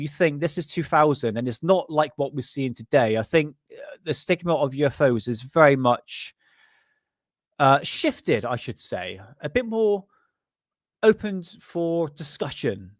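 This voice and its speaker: A man's voice: medium pitch, dry recording. Middle-aged British male streamer; rambling, crude, laughing, dry close mic. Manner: rambling, joking, chuckling, crude asides. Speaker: livestream host. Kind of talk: casual livestream chat reading a magazine.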